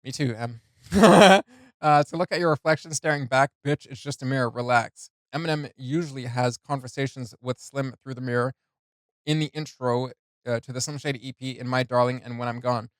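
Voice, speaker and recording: Talking at a normal speed, this man breaks down rap lyrics for his reaction channel, keeping it loose and unscripted with frequent soft chuckles and lots of fillers. His pitch sits in the ordinary middle range, and the sound is close and dry with no echo from the room.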